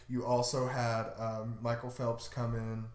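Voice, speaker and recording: A man's voice: mid-range voice, completely flat delivery, a little slow, crowd noise. A man co-hosting a podcast, chatting casually and loosely, with lots of fillers and hedges. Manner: laid-back, hedging with fillers. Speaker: podcast co-host. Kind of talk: casual chat. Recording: roomy echo.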